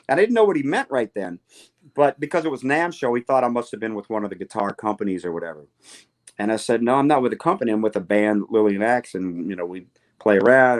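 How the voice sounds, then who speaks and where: Male interview guest, animated storyteller, mid-pitched voice, acts out the quotes, casual podcast chat. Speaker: guitarist guest.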